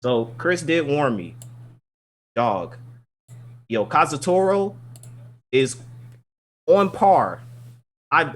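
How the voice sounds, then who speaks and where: A man co-hosting a podcast, casually recapping an anime episode in an animated, profane, rambling way. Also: a little high. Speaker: podcast co-host.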